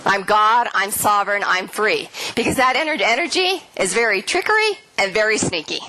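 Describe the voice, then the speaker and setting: A middle-aged woman giving a keynote spiritual talk to an audience, earnest and animated, acting out the lines she quotes. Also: mid-range voice, normal speed, dry recording, rough recording. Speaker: keynote speaker.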